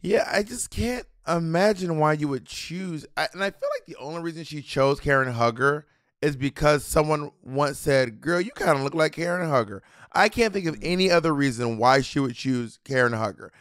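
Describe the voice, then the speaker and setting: A man's voice: fairly high pitch, moderate pace, a bit bright, no echo, studio quality. A man co-hosting a casual podcast review of a TV show, rambling and acting out quoted voices. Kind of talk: casual chat.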